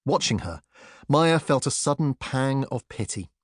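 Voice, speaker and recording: A man narrating a children's audiobook in an expressive storytelling manner. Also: mid-range voice, measured pace, dry recording, clean studio sound. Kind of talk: scripted narration.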